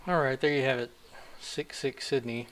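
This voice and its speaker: A man hosting a live stream, talking casually with many halting fillers. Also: medium pitch, fairly even intonation. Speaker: livestream host.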